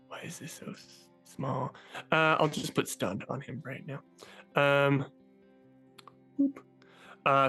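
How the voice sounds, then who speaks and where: Excitable man running a tabletop game. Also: on the high side. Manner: excitable, halting with many fillers. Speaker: game master.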